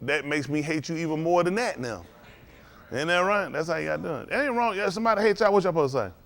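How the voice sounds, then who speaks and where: A man preaches quickly in an expressive, fairly bright voice pitched on the high side. The sermon feels loose and conversational, with frequent chuckles and repeated calls of "ain't that right?" to the congregation.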